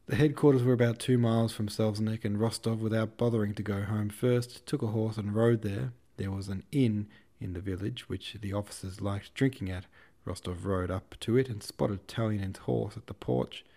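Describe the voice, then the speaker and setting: A man reading a novel aloud as an audiobook narrator in a steady, measured way. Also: on the low side.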